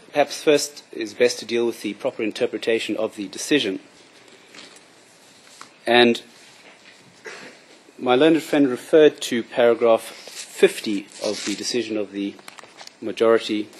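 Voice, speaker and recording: A man making a formal, measured courtroom submission as prosecution counsel. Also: lowish voice, a little hiss or hum.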